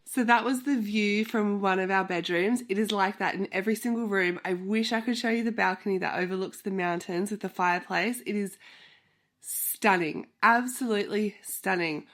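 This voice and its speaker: A woman's voice: medium pitch, normal speed, soft background music. A woman in her thirties who has a flu and sounds nasal, chatty and a little out of breath, rambling off on tangents as she hosts a book vlog. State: short of breath from pregnancy. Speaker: book vlogger host. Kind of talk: casual chat.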